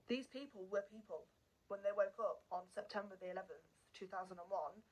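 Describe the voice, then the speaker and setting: A woman's voice: mid-range voice, fairly quick, darkish tone, husky, rough recording. A woman hosting a true crime channel, telling the story in a casual, unscripted way. She is earnest and emotional and repeats words for emphasis.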